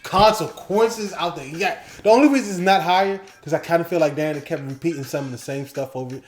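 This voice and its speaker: A man co-hosting a casual talk show, ranking episodes and excitedly quoting scenes in animated bursts. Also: on the high side, fairly quick, echoey room. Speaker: podcast co-host.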